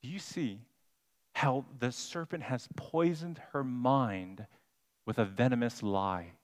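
A man preaching a sermon as pastor, deliberate and emphatic, stressing single words. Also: medium pitch. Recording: long hall reverb.

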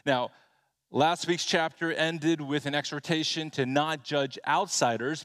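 Earnest pastor, higher-pitched man, dry sound. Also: a bit bright, dry recording. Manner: earnest, emphatic, rhetorical questions, repeats words when restarting. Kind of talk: expository sermon.

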